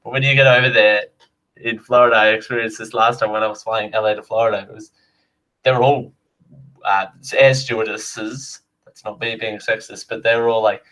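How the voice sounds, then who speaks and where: A man's voice: on the low side, fairly even intonation, a little fast, bright, forceful tone, poor audio. A man hosting a live show, reading items out and drifting into chatty, rambling asides. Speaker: host. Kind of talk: live show casual chat.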